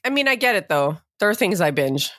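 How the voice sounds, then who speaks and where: A woman's voice: lowish voice, big pitch swings, brisk, fairly bright tone, no room sound, clean studio sound. A woman co-hosting a podcast in casual chat, chatty and self-deprecating, often laughing. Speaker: podcast co-host.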